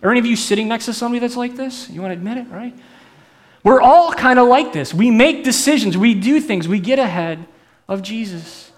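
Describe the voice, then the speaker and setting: High-voiced man preaching animatedly. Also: a little fast. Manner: animated, conversational preaching with questions to the congregation. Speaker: pastor. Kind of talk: sermon.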